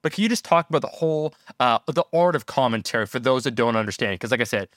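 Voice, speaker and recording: A man's voice: medium pitch, lively intonation, quick pace, fairly bright tone, no echo, clean studio sound. Rambling podcast host, a man. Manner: long rambling questions with many fillers. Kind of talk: casual podcast interview.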